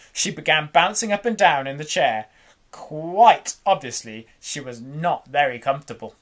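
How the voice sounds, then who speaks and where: A woman reading a children's book aloud in an animated, dramatic way. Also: deep voice, normal speed. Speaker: storyteller.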